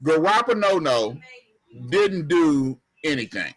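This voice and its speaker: Emphatic sports-talk man, bright voice. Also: a little high, big pitch swings, slow pace. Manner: emphatic, repeats himself, colloquial. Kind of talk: heated sports debate.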